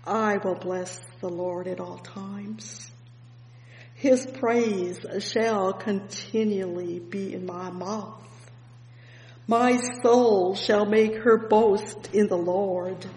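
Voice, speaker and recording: A woman preaching a fervent sermon, breaking in with "oh, yes" and "praise the Lord" as her voice swings between loud and hushed. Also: mid-range voice. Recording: echoey hall with long reverb, faint hum.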